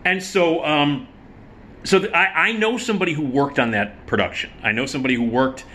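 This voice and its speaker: A man's voice: a little high, fairly quick, sharp tone. A man hosting his own channel, telling a story in a casual, emphatic, profane way. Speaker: storyteller host.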